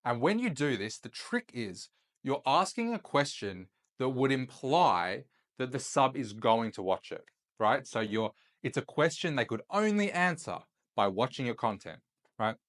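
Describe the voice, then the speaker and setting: A young man explains his tips in a loose, casual teaching style, often tacking "right?" onto his points. His voice sits at an ordinary middle pitch. He sounds like a host talking straight to his viewers. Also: very animated, unhurried, fairly bright tone. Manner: loose and chatty, checks in with "right?" after points. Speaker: host and chat-sales coach. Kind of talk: casual instructional talk to camera.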